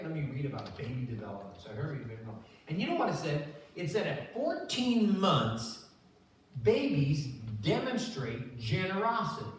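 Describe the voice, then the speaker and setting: A man's voice: mid-range voice, far from the mic, slight background noise. Older man preaching in an echoey church. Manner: conversational, animated storytelling with acted-out voices. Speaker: pastor. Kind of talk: sermon. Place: church sanctuary. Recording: very echoey church recorded from afar.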